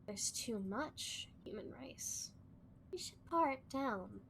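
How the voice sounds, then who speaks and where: A woman voicing a sharp-suited male executive who talks in a calm, probing, oddly knowing way, as a reader of a story. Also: a little high, takes it slowly, vocal fry, a little hiss or hum, full character voice.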